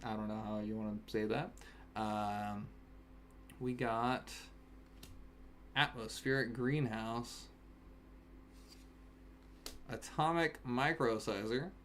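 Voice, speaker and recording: Relaxed slow-talking man streaming card openings. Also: mid-range voice, a little hiss or hum. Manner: chatty, bursts into excited shouts over good pulls. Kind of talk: casual stream chat. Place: home, in Alaska. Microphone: webcam setup.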